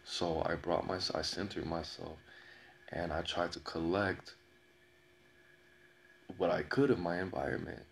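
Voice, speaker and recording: A man telling a personal story in a slow, dramatic way, repeating phrases and pausing often. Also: deep voice, steady tone, gravelly. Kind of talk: personal story told to camera.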